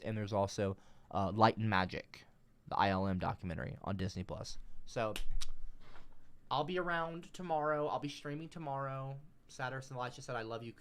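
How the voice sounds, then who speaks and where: A man's voice: medium pitch, smooth. A man livestreaming, talking casually to his chat, rambling and irritable, swearing often.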